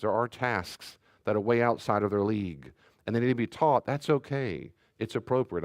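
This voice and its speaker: A middle-aged pastor with a lowish voice gives a teaching talk on parenting, acting out both a child's and a parent's voice in his stories. The studio-quality recording has no echo.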